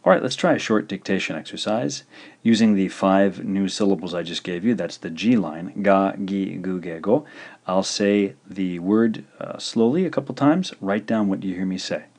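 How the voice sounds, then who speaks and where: The teacher here is a man whose voice is low and darkish in tone. Following a script for a video language lesson, he pronounces syllables slowly and carefully, going over each one again.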